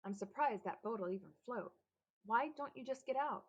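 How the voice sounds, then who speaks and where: A woman's voice: fairly high pitch, lively intonation, normal speed, breathy edge, dull audio. A woman voicing a tired, worried young male camp counselor with a drawl in an audiobook. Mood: dry, practical. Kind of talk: audiobook character voice.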